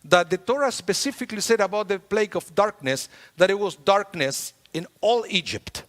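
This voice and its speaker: A man giving a sermon as a rabbi, talking in a conversational, lively way with playful humor. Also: high voice, moderate pace. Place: synagogue sanctuary. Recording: long hall reverb in a large sanctuary.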